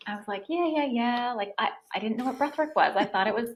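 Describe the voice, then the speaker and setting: A woman in her thirties telling her own story as a podcast guest, in an animated, casual way, with many "like" fillers. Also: a little high, fast, low-quality recording. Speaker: podcast guest, breathwork facilitator.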